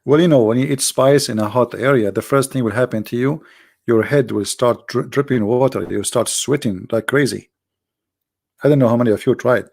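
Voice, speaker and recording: Creaky-voiced man hosting a livestream. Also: medium pitch, fairly quick. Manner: animated storyteller in non-native broken English. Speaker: livestream host. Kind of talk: casual livestream chat.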